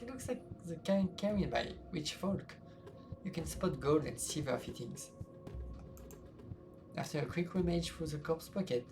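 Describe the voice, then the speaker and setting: A man streaming a game, reading the story aloud with reactions along the way, with game music behind. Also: mid-range voice. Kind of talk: reading a visual novel aloud with commentary.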